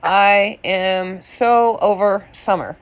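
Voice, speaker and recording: A woman home vlogger chatting casually and telling a lively story. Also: medium pitch, slow, smooth.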